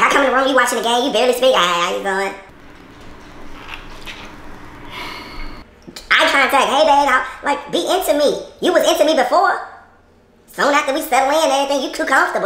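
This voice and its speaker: A man plays a quick-tempered wife in a comedy skit, loud-mouthed and dramatic. The voice sits high and races along. It is recorded in a roomy, echoing space. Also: slight background noise, exaggerated voice. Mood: complaining. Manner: brash, scolding, rapid-fire and dramatic. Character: sassy demanding wife, adult woman, quick-tempered. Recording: echoey room.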